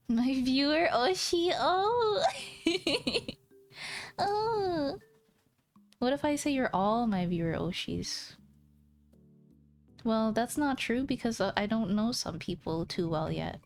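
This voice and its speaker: A woman's voice: a little high, animated, measured pace, a little mellow, soft background music. A woman streamer chatting casually with her viewers, playful and teasing, laughing often. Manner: giggly, playful and teasing, talks straight to viewers.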